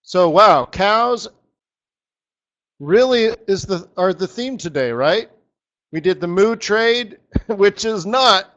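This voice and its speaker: A man's voice: a little high, highs cut off. A man working as a currency analyst, chatting and joking with viewers on a live trading webcast, laughing often.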